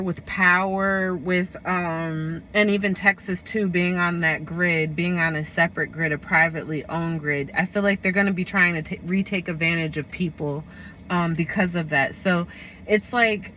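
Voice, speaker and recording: Lady rambling thru a tarot reading, low-ish bright voice, little hiss behind. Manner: rambling, full of fillers and self-corrections. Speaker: tarot reader. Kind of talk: casual spoken tarot reading.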